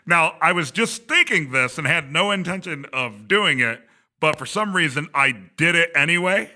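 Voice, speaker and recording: A man's voice: a little high, lively intonation, moderate pace, pushed and bright. A man in his thirties, a podcast host telling a rambling story and laughing often, speaking from a glass conference room. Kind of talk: casual chat.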